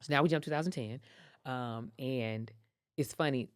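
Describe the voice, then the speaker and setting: A woman from the United States, a guest athlete in a casual interview, telling lively stories and acting out quoted lines. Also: extremely low pitch, normal speed, clean tone, no room sound. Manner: animated storyteller who acts out quoted lines.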